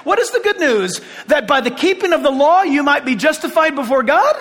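A man preaching a sermon with passion, shouting at points and making sarcastic asides. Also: very high voice, expressive, fairly quick, big-room sound.

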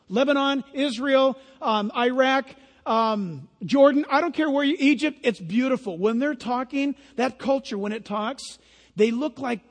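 High-pitched guy preaching, chatty and animated, echoey hall. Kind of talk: sermon. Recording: long hall reverb.

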